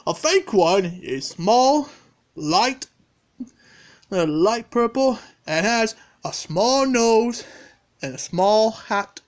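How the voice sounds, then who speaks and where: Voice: medium pitch, animated, drawn-out words. A performer voicing a boastful purple animatronic bear in a fan-made story, talking in a rambling, earnest way.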